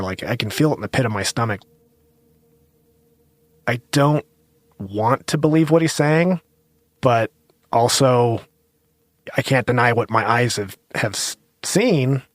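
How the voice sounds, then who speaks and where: A man telling his own true story for a podcast, earnest and halting, with small restarts. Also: mid-range voice, no room sound. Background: music underneath.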